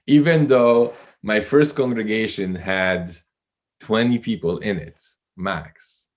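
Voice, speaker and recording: Low-voiced man telling a story. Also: slow pace. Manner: animated, self-deprecating, laughs often. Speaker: guest. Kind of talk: storytelling in a podcast interview.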